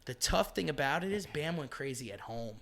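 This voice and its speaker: Guy comedian telling wild stories on a podcast, swears a lot, really animated, acts out the quotes. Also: a little high, fairly quick, vocal fry, a little hiss or hum. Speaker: comedian guest. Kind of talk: casual podcast storytelling.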